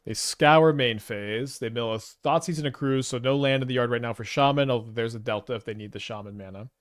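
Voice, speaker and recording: A male gameplay commentator with a Canadian accent rattles along quickly at medium pitch with fairly even intonation. He rambles casually, thinking out loud and stumbling into hesitant restarts.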